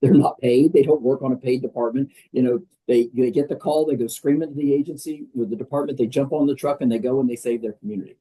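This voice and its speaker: A man's voice: mid-range voice, fast talker, hardly any pauses, dark tone, husky, low-quality recording. An older American man, a guest on a podcast interview, talking in a conversational, emphatic way with many fillers. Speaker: guest, wellness program leader.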